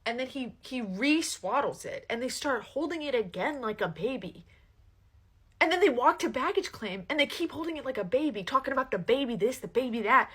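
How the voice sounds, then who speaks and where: Bright-voiced young woman telling a storytime. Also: high-pitched, brisk, slightly rough. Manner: animated, swears freely, lots of fillers. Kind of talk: casual storytime.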